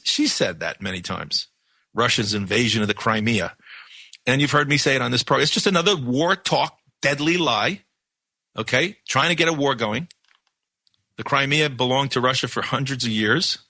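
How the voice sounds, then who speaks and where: A man's voice: mid-range voice, pushed and bright, no echo. A man from New York hosting a radio news show, talking in an emphatic, rambling monologue with many restarts. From New York, USA.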